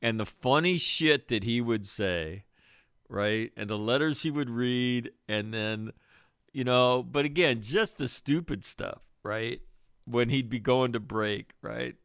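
A man hosts a casual chat and tells his stories in an animated way, cursing freely. His voice is smooth and resonant, recorded close and dry. His pitch is average for a man. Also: dry recording. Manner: animated storytelling, swearing, quick laughs. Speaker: podcast host.

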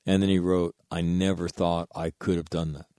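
A man's voice: sits low, little pitch movement, normal speed, mellow, no echo, studio quality. A man telling an earnest story in a casual monologue, reading out text messages and swearing freely.

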